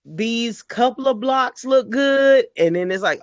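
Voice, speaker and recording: A high-pitched male host with a dry, close sound. He is playful and animated, often jumping into comic voices to act out what people said. He comes from Los Angeles. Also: measured pace, smooth, dry recording, dull audio. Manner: animated, playful, acts out quotes in funny voices. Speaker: podcast host. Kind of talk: casual interview chat.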